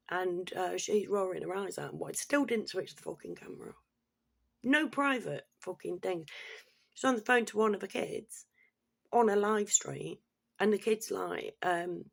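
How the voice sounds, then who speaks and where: A woman's voice: on the low side, vocal fry, husky. A woman ranting bluntly and swearing freely, in an exasperated casual monologue. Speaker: commentator.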